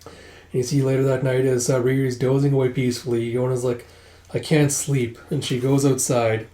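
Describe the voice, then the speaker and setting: In an echoey room, a man casually reads through a comic, loosely retelling the scenes with plenty of fillers. His medium-pitched voice is flat, fairly quick and dark in tone.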